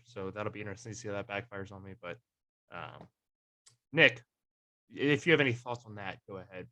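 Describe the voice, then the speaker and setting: A man's voice: fairly low pitch, bright, forceful tone. A man co-hosting a sports podcast, talking in a rambling, hesitant way with many fillers and jokes at his co-host. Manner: jokey, teasing his co-host. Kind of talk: casual sports chat.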